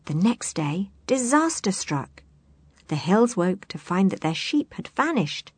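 Husky woman reading a children's storybook. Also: mid-range voice, a little slow, no room sound. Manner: expressive, animated storytelling. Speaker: narrator. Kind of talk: children's storybook read-aloud.

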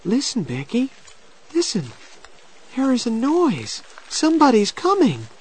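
A man's voice: sits high, sing-song, unhurried, pitched above the performer's own voice, exaggerated voice. A man doing a brave young boy. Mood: urgent. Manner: urgent and reassuring. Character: brave young boy leading a girl out of a cave. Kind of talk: storybook reading.

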